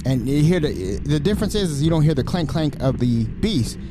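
A man hosting a casual solo podcast, excitable and stumbling over repeated words, his voice a little raspy. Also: on the high side, a little fast, background noise. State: slightly raspy from screaming. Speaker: podcast host.

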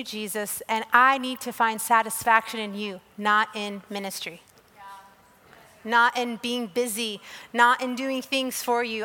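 A woman preaches a sermon in a high, bright voice, earnest and emotional as she tells her own story. She often repeats phrases for emphasis. Her voice rings with the long reverb of a large hall. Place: church or hall with staff present.

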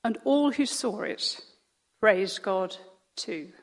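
Slow, expressive woman reading scripture. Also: medium pitch. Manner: slow, dramatic storytelling. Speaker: scripture reader. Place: church hall. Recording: long church reverb.

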